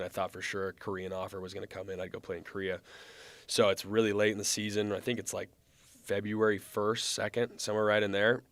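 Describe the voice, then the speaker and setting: A man in his thirties, a former baseball pitcher, telling his story in a relaxed, chatty way. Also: no room sound. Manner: relaxed, chatty, acts out quoted lines. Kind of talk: casual storytelling.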